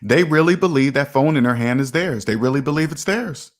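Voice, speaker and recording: Man, middle-aged, finance talk host, casual monologue, repeats himself, emphatic, acts out little dialogues, average pitch. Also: lively intonation, a little fast. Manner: repetitive, emphatic, acts out imagined street conversations. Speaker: personal finance video host.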